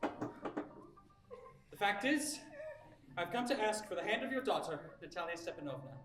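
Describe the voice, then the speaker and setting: A man's voice: high voice, very animated, a little slow. Flustered, stammering male suitor in his thirties, a man playing it, stage play; echoey hall, far mic. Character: nervous anxious 35-year-old male landowner suitor. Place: theater stage. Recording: roomy stage from far off, music behind.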